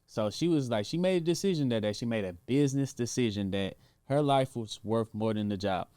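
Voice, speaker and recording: A man's voice: medium pitch, lively intonation, brisk, warm tone, smooth, dry recording. A man hosting casual commentary in a slangy, emphatic way. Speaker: host.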